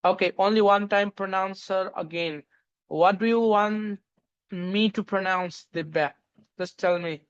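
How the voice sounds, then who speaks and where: A man's voice: high-pitched, fairly even intonation, unhurried, smooth. A man from Nepal with a Nepali accent, teaching English pronunciation in a live online class, repeating each sound several times and using many fillers. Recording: dull lo-fi audio.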